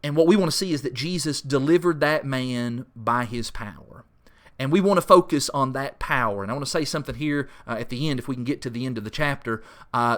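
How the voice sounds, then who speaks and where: A man leading a church Bible study, teaching in a conversational way with many fillers and lively acted-out quotes. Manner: rises sharply in pitch when mimicking pleading voices.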